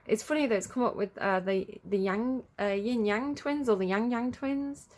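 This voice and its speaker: Rambling, gravelly-voiced woman tarot reader. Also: mid-range voice, normal speed, few pauses, a little mellow. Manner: chatty, rambling, many fillers. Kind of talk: casual tarot reading monologue.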